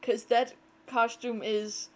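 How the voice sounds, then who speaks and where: A woman's voice: on the high side, little pitch movement, slow. A woman streamer giving casual, chatty commentary while playing a game, laughing, swearing and reading dialogue aloud.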